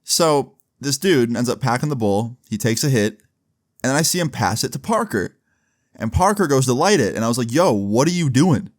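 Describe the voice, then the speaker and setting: A man's voice: medium pitch, expressive, a little fast, no echo, clean studio sound. A man telling a casual storytime in a laid-back way, swearing often and filling his speech with 'like'. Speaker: storyteller vlogger.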